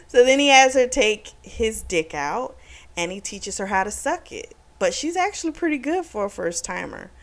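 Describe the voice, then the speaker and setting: A woman casually recapping a romance novel's plot, talking frankly with plenty of profanity and frequent laughs. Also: fairly low pitch. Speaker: book reviewer. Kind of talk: casual spoken book recap.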